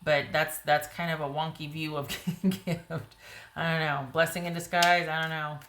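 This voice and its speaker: A woman giving a casual, rambling tarot reading to viewers, her voice getting a little hoarse. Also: low-pitched, flat delivery, moderate pace, fairly bright tone, roomy sound, a little hiss or hum. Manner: chatty, rambling, frequent "you know" and "like". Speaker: tarot reader.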